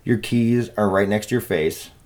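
A man's voice: lowish voice, normal speed, a little mellow. A man hosting a solo podcast, rambling and swearing in a self-deprecating, casual way. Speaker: podcast host.

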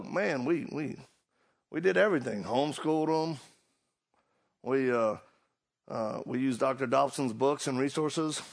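A middle-aged man from Louisiana with a Cajun accent, preaching in a folksy storytelling way with halting restarts. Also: medium pitch, creaky. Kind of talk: sermon with humor.

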